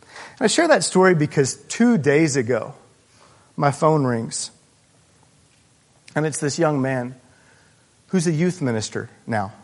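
A man preaching a sermon as pastor, telling a story earnestly and haltingly, with frequent restarts. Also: fairly high pitch, animated. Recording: long hall reverb.

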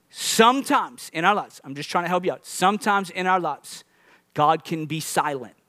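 A man's voice: sits high, pushed and bright, no room sound, clean studio sound. A man preaching a sermon as pastor, earnest, restarting phrases often and building to emphatic peaks.

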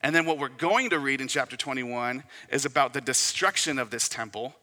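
A man gives a sermon in a loose, conversational manner, telling it like a story and voicing short quotes along the way. His voice is very bright and sits at a middling pitch. The sound rings out with the long reverb of a large hall. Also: a little fast. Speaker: pastor.

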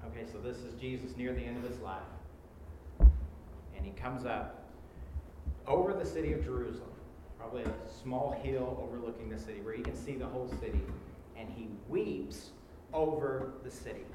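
A man preaching a sermon as pastor, impassioned, his voice swelling loud when he voices laments. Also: mid-range voice, moderate pace. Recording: echoey church hall with background noise.

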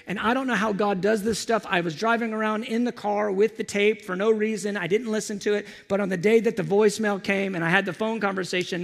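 A man preaching, telling a story with animated, excited energy. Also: high voice, vocal fry, big-room sound. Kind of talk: storytelling sermon.

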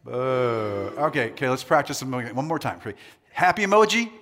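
In a church hall before a live congregation, a male pastor preaches in a mid-range, sing-song, somewhat bright voice at normal speed. He starts out playful and joking, pulling the crowd into call-and-response, then turns earnest.

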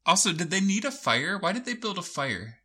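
A man's voice: sits high, fairly quick, breathy edge. A man co-hosting a podcast, chatting casually about a TV show with frequent laughter. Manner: amused, laughing often, animated. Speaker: podcast co-host. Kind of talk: casual chat recapping a TV show.

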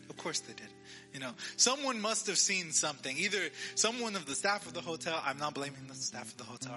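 A man preaching a sermon as pastor, telling a story and acting out the quoted lines, asking listeners to repeat after him. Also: a little high. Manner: asks the audience to repeat.

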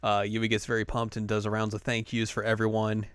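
A man's voice: fairly low pitch, completely flat delivery, a little fast, fairly bright tone, clean tone, no echo. A man hosting a podcast, recapping an episode in a rambling, casual way with lots of fillers. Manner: rambling, filler-heavy, laughs often. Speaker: podcast host.

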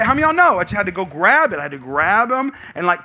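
A man in his thirties preaching a sermon, telling lively stories about his kids and shouting the punchlines. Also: high voice, fast talker. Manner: energetic storytelling, shouting punchlines. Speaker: pastor.

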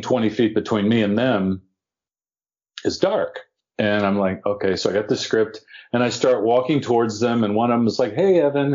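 An older man with a lowish voice spins a showbiz anecdote with relish, playing the other people in it and poking fun at himself. The audio is dull and lo-fi. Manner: animated, acts out quoted voices, self-deprecating. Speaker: podcast guest, actor. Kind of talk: anecdotal storytelling.

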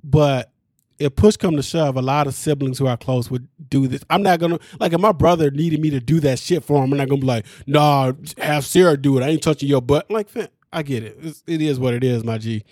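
A man hosting a podcast, recapping a reality show in casual, slangy talk, animated and laughing often. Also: mid-range voice, brisk, dry recording, studio quality.

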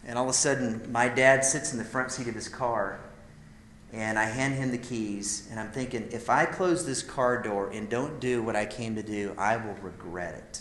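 A man preaching a sermon, telling a personal story with emotion that swells and drops to near a hush. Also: medium pitch, moderate pace, roomy sound, slight background noise. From Idaho, USA. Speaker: speaker at a men's gathering.

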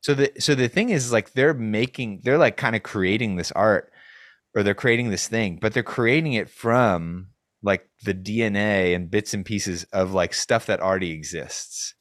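A man's voice: fairly low pitch, moderate pace, fairly bright tone, no echo, clean studio sound. A man co-hosting a podcast, chatting casually and rambling with many restarts. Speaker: podcast co-host. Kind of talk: casual chat.

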